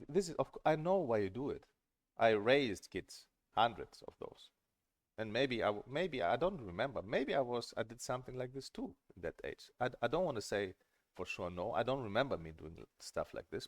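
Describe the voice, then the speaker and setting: A middle-aged man coaching on a stream in a casual, earnest and emphatic way, often repeating words when he gets excited. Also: medium pitch, no room sound, clean studio sound. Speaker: table tennis coach and streamer.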